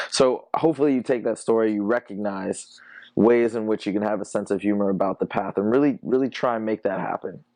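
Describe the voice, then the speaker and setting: A man's voice: on the low side, a little mellow, no room sound. A young man hosting a dating-advice podcast in a casual monologue, laid-back and laughing often as he tells stories. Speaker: dating coach podcast host.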